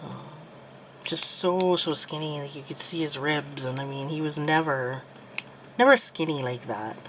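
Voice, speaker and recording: A woman in her thirties speaks softly in a lowish voice, pausing often and filling gaps as she talks. She is tearful and close to crying. A faint hiss sits under the recording. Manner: soft, halting, with many pauses and fillers. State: tearful, getting emotional. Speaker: crafting channel host. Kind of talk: personal storytelling while crafting.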